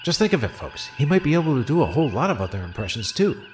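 A man's voice: medium pitch, sing-song, very fast, slight background noise, lightly acted. A man voicing a fretful, scatterbrained male politician aboard a starship in a comedy audio play. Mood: rambling. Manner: whiny, rambling, easily distracted. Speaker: voice actor.

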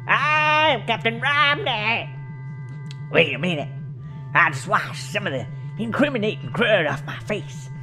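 A man doing a drawling Southern gentleman. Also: high voice, exaggerated voice. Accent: put-on Southern US drawl. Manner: slow, drawling, grandiloquent. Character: pompous Southern gentleman impostor captain, man. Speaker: voice actor.

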